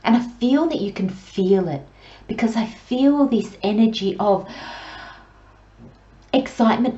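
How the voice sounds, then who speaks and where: A woman giving a pick-a-card tarot reading in a slow, gentle, soothing way, with long pauses and soft near-whispers. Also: a little high, roomy sound, dull audio. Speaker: tarot reader.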